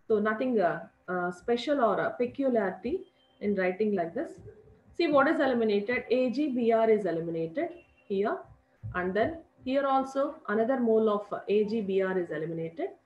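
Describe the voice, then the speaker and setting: A middle-aged woman with an Indian English accent teaching a chemistry lesson, repeating key points and calling her students children. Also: on the high side. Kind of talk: classroom lecture. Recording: echoey lo-fi room recording.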